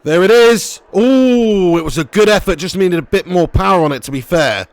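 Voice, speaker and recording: A man commentating his football game live and reading out chat messages, excitable and swearing. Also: fairly high pitch, quick pace, dry recording. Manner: excitable, swears, cheeky banter. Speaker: gaming streamer.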